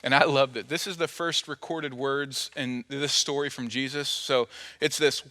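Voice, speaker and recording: A man's voice: medium pitch, steady tone, moderate pace, bright, forceful tone. A man preaching a sermon as pastor in a conversational, playful way, acting out the quotes he tells. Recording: long hall reverb.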